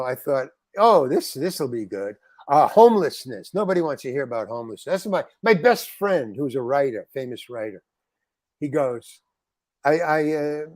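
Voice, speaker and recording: A man of medium pitch, an actor appearing as an interview guest, tells anecdotes in a podcast chat. He's animated, acts out other people's lines in quotes, and restarts often. The recording is dry and close.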